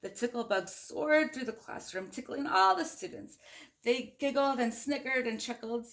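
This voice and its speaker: A woman's voice: a little high, lively intonation, moderate pace, fairly bright tone. A woman reading a children's storybook aloud, playful and chatty, asking the listeners questions along the way. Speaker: storybook reader.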